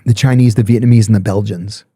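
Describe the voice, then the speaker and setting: A middle-aged man, a podcast guest, telling a story in a blunt, animated way with some swearing. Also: lowish voice, fast, husky, no room sound, studio quality. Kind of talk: storytelling in casual chat.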